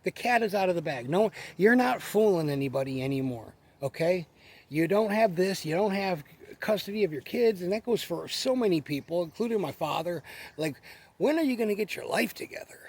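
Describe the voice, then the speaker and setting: A man's voice: high voice, animated, moderate pace, a little mellow, husky. A man in his forties giving a blunt, profane casual rant to the camera, repeating himself for emphasis. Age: 40s. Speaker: vlogger.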